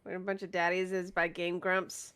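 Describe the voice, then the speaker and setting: A woman co-hosting a casual gaming podcast, relaxed and giggly, with frequent hesitant fillers. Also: fairly low pitch, normal speed, clear, resonant tone. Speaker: podcast co-host. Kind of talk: casual chat.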